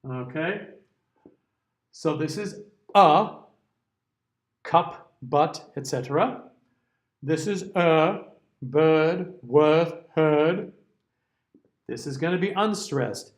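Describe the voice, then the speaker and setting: Man, higher voice, diction teacher, classroom lecture, sings example words. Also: lively intonation, slow pace, pauses often. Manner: explanatory, checks in often with okay.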